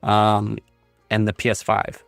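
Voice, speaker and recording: Male gaming streamer, casual, rambling, reads text aloud, fillers, fairly low voice, close mic. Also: monotone, takes it slowly, vocal fry, fairly bright tone, no room sound. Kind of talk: casual livestream commentary. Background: faint game music.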